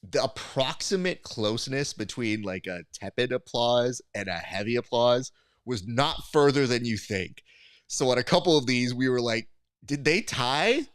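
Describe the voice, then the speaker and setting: A man in his forties hosting a relaxed talk show, telling lively anecdotes and slipping into quoted voices. His voice sits at an ordinary pitch, close and dry on the mic. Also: normal speed, clear, resonant tone, no echo. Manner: animated storyteller who acts out quotes. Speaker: podcast host. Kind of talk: casual chat.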